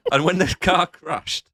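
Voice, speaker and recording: A man's voice: sits high, a bit bright, no room sound, clean studio sound. A man co-hosting a podcast who chats playfully and laughs often. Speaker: podcast co-host. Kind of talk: casual movie review banter.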